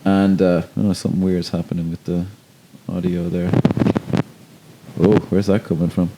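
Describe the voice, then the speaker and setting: A man's voice: sits low, little pitch movement, moderate pace, heavy background noise. A man co-hosting a podcast, chatting casually about a film, swearing freely and acting out scenes in quoted voices. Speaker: podcast co-host.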